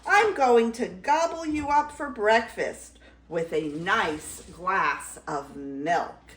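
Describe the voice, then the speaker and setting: A woman's voice: mid-range voice, slow. A roaring hungry troll, as a grandmother puts him on. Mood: roaring, greedy. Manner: loud, growling threats. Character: big ugly hungry male troll, roaring. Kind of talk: read-aloud storytelling. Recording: roomy echo.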